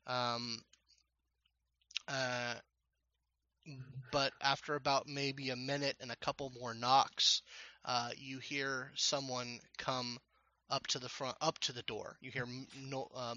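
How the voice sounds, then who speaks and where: Halting bright-voiced man running a game. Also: mid-range voice, level tone, no echo, lo-fi sound. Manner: rambling, halting with many fillers. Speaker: game master. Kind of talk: narrating a tabletop game.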